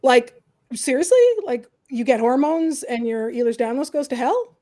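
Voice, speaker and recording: A middle-aged woman from the Canadian prairies hosts a casual chat, her high voice moving at a moderate pace. She's animated and acts out little quoted voices as she goes.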